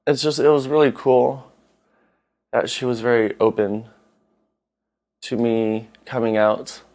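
A young man from Washington State telling his own coming-out story in a relaxed, conversational way. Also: medium pitch, takes it slowly, pauses often. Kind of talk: casual personal storytelling.

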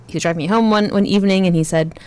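Halting trans man telling personal stories. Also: high-pitched, fairly even intonation, clear, resonant tone. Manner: halting, self-correcting, restarts words. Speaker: guest. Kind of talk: personal storytelling in conversation.

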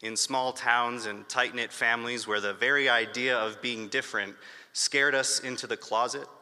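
Man from Michigan, bright echoing speech. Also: medium pitch, steady tone, normal speed. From northern Michigan. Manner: earnest and emotional, with light humor. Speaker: award honoree giving a speech. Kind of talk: prepared acceptance speech. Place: large hotel ballroom. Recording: long hall reverb.

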